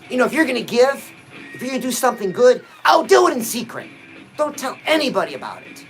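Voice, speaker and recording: A man's voice: very high voice, lively intonation, quick pace, a bit bright, soft background music, poor audio. A man giving a punchy, exhorting motivational pep talk to his viewers, dropping frequent "oh"s as he talks. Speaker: motivational livestream host.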